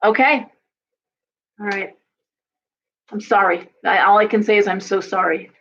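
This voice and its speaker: Blunt, fired-up woman on a muffled stream. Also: on the high side. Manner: blunt, fired-up, swears freely, talks to viewers' comments. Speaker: tarot reader and astrologer. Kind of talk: live-stream tarot reading, casual chat.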